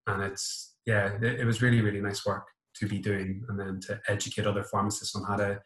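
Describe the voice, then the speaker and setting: A man with a Northern Irish accent, a pharmacist talking in a relaxed, matter-of-fact way in a casual podcast chat. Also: fairly low pitch, fairly quick, reverberant, low-quality recording. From Northern Ireland. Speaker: pharmacist guest.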